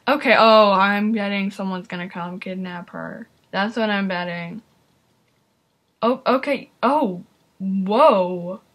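A woman's voice: medium pitch, slow pace. A woman giving casual reaction commentary to a video, exclaiming often and talking straight to her viewers. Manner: excitable, exclaims and talks to viewers.

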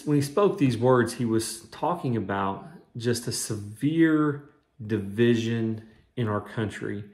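A man's voice: medium pitch, a little mellow. Earnest male minister in a roomy room. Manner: conversational, earnest storytelling with scripture quotes. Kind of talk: short devotional sermon. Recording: roomy echo.

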